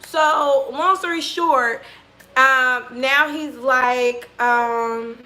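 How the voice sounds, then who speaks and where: A woman with a high, bright voice tells a personal story in a casual vlog. She is animated and swears freely, acting out the lines of everyone involved. Her voice carries a forceful, high-pitched edge. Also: a little slow. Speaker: tarot reader.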